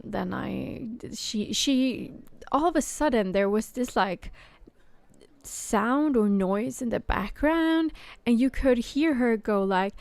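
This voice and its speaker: A woman chatting casually about work, stopping and restarting often with plenty of fillers. Her voice is smooth and clear at a middle pitch. The sound is dry and close. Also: animated, darkish tone, no room sound. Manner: halting, many fillers and restarts. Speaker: podcast host. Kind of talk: casual chat.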